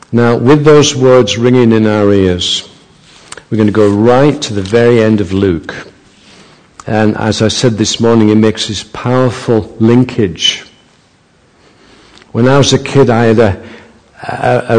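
A man preaching a sermon as a visiting speaker in a church, slow and emphatic, building to fervent climaxes. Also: mid-range voice, a little mellow. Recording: reverberant church hall.

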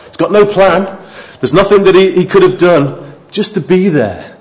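A man preaching a sermon, moving from quiet, low asides to raised, emphatic appeals to his listeners. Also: moderate pace.

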